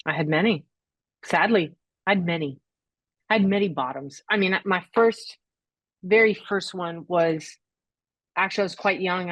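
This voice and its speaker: A middle-aged woman telling her personal story as a podcast guest, reflective and halting, with tearful moments. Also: lowish voice, dry recording.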